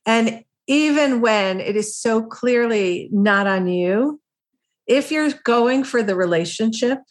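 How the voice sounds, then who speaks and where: A woman co-hosting a parenting podcast shares her experience as a mother in a reflective, conversational chat, full of fillers like "like" and "I mean." Her voice is a little high and expressive, and she takes it slowly.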